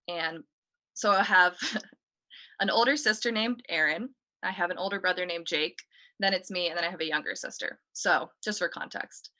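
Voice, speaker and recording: A woman with a lower-pitched voice and a bright, forward tone. She tells a story as a guest on a talk show. Her delivery is casual and chatty, and she keeps dropping in "like" and "you know". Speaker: guest telling a ghost story.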